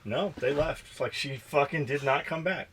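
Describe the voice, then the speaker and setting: A man's voice: fairly high pitch, moderate pace, a bit bright, slight background noise. A middle-aged man co-hosting a podcast, telling profane shop stories in casual chat and acting out both sides of the dialogue. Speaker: podcast co-host and shop owner.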